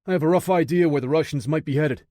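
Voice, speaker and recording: A man doing an urgent, forceful soldier. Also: on the high side, quick pace, no room sound, clean studio sound, voice pushed up, close to an everyday voice. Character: tough male soldier-operative on a mission, urgent.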